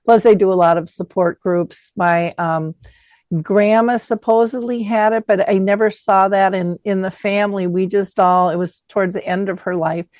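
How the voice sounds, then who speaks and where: Female interview host, mid-pitched, animated storyteller, dry room. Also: moderate pace, no echo. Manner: animated storyteller acting out quotes. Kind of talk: conversational interview.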